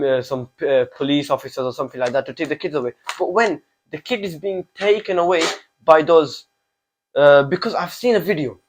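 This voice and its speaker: A man's voice: fairly high pitch, rough recording. A fifteen-year-old boy hosting his own channel, delivering an impassioned opinion monologue full of repeated rhetorical questions. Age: teens. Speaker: channel host.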